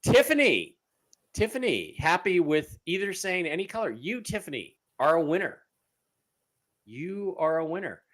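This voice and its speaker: A man with a slightly high voice, speaking at normal speed, hosts a live-streamed talk show and reads out giveaway winners. He's animated and casual, repeating phrases and using many fillers.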